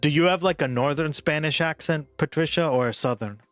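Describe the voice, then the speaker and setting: A man's voice: on the high side, fairly quick, dry recording, faint music behind. Rambling man streamer chatting casually. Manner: rambling, full of "like" and "right?". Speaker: livestreamer. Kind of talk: casual chat with viewers.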